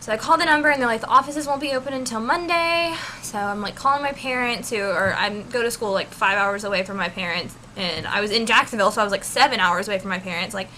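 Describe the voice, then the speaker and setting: Bright, chatty young woman vlogger. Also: on the high side, fast talker, few pauses, slight background noise. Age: young adult. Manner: chatty, animated, says "like" constantly. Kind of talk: casual storytelling vlog. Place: college dorm room.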